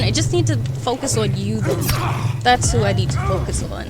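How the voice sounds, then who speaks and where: High-voiced woman streaming a game. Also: lively intonation, measured pace, long pauses. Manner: exasperated, talks back at enemies on screen. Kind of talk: casual live gameplay commentary. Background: loud game music.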